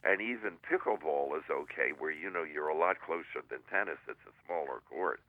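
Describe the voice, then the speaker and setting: Older man with a deep voice on a tinny phone line. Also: expressive, no echo. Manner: rambling, halting, with many fillers and jokes. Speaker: guest columnist. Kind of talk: casual radio chat over the phone. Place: at home in San Diego.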